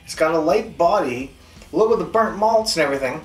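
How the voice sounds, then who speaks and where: This fast-talking host pitches his voice on the high side and keeps it expressive as he rambles through a casual beer review. He's from Western Canada, speaks with a Canadian accent, and jokes at his own expense. The audio is echoey and distant, with soft music underneath.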